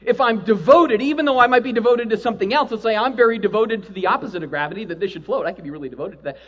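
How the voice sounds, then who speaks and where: A man preaching a sermon to a live audience, animated, acting out quoted voices and often asking "right?". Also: high-pitched, very fast, highs cut off. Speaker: pastor.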